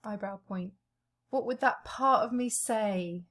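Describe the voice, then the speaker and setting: Slow, gentle woman guiding a tapping session. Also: mid-range voice. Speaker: EFT tapping practitioner.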